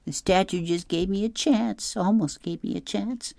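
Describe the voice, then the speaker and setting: A woman's voice: mid-range voice, moderate pace, gravelly, warm tone, dry recording, studio quality, pitched above the performer's own voice, natural voice. Woman voicing a dramatic, tearful young girl. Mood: insistent. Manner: earnest, whiny, precise. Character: dramatic, tearful girl runaway, fussy about grammar.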